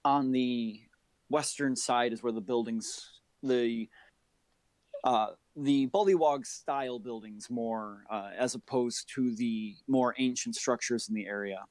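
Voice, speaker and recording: A man narrating a tabletop game as game master, describing scenes in detail with many filler pauses. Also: mid-range voice, a little mellow, no echo.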